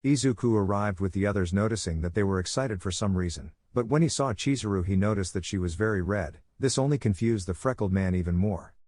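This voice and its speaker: A man narrating fan fiction in a plain, steady storytelling voice. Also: on the low side, brisk, few pauses, no room sound, clean studio sound. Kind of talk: reading fan fiction aloud.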